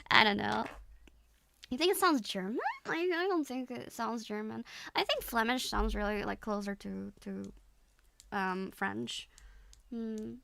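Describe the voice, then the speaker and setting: Young woman, slight Dutch accent, casual streamer chat, bright, gravelly, playful. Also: a little high, slow, long pauses, slight background noise. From Netherlands. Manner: giggly, rambling, playful. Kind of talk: casual chat reading viewer comments.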